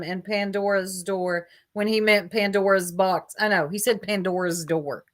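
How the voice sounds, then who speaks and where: A woman's voice: medium pitch, fairly even intonation, unhurried, hardly any pauses. A woman giving sarcastic reaction commentary on a clip, mocking it with asides to her viewers. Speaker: commentary streamer.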